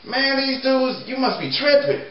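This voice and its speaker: Male comic, high voice, slow slangy sketch banter, echoey lo-fi room. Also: animated. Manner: loose slangy banter, laughs often. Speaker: comedian playing several characters.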